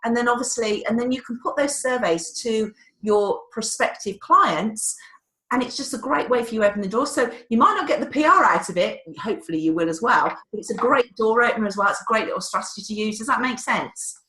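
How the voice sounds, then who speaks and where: A woman's voice: fairly high pitch, lively intonation, fairly quick, pushed and bright, echoey room. A woman hosting a live webinar, chatty and a little flustered by the technology. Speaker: webinar host.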